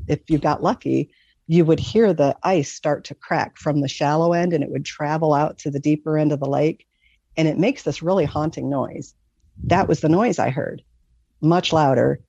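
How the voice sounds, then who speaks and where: A middle-aged woman from Michigan recounts a personal experience in a casual, earnest, rambling way, full of fillers. Her voice has a gravelly edge. The recording is dry and a little dull. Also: deep voice, dark tone, dry recording. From Michigan, USA. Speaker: guest telling a near-death story.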